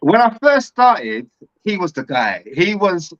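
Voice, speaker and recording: A middle-aged man talks earnestly in a casual chat, heartfelt and full of slang. His voice is bright and fairly high, and the sound is dry and a bit dull, as if the audio were lo-fi. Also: very animated, slow pace, no echo.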